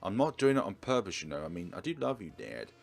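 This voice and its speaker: A man's voice: low voice, sing-song, quick pace, vocal fry, faint music behind, heavily acted. A man voicing an earnest young woman nurse who is loyal and a bit defensive, in a raised, eager voice. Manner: raised, bright, eager delivery.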